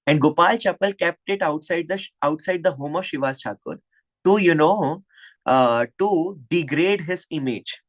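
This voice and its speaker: A man's voice: on the high side, moderate pace, low-quality recording. A man with an Indian English accent giving a devotional lecture over an online video call, impassioned and scolding with rhetorical questions. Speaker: spiritual teacher.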